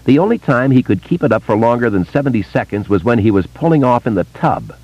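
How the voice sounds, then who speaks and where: A man voicing a brash, profane, warm-hearted wealthy woman who talks excitably and swears freely. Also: mid-range voice, quick pace, dry recording, voice pushed up, close to an everyday voice. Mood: scornful. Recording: dull lo-fi audiobook recording.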